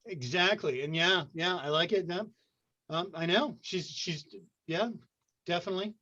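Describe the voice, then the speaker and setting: A man's voice: high voice, moderate pace, sharp tone. Jokey man hosting an online show. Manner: jokey, rambling. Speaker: improv show host. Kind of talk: playful show hosting over video call. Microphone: video call. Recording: muffled lo-fi video call audio.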